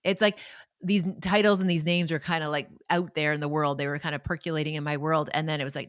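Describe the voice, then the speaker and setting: A woman's voice: deep voice, level tone, quick pace, smooth, no room sound, studio quality. A woman in her forties hosting a podcast on her own, talking in a chatty, enthusiastic way and wandering off into asides. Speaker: podcast host. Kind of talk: casual solo podcast talk.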